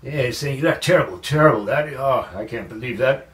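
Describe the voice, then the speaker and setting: A man's voice: mid-range voice, moderate pace, a bit bright, lightly acted. A young man playing a goofy male chicken news anchor in a homemade comedy skit, rambling and stumbling as he talks. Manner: rambling, stumbling, breaks into laughter. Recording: roomy echo.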